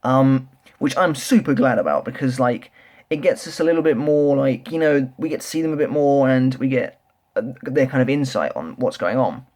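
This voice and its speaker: A young man reviewing a manga chapter in a casual, rambling, excitable way, full of restarts and filler words. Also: mid-range voice, normal speed. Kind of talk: casual solo review chat.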